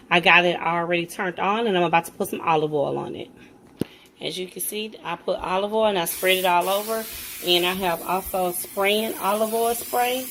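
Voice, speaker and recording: A woman's voice: lowish voice, a bit bright, a little hiss or hum. A woman vlogger talking viewers through a home cooking tutorial in a chatty way, calling them guys and stammering now and then.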